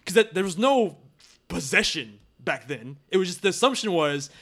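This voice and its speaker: A man's voice: high voice, normal speed. A young man in casual movie talk, sarcastic and swearing often, acting out lines as he rants. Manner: animated, sarcastic, swears often, acts out quotes.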